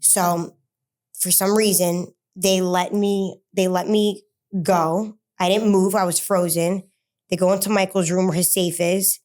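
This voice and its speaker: Halting woman telling her story. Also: on the low side, steady tone, darkish tone. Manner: halting, many fillers and restarts. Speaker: interview guest. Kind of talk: personal story told in an interview.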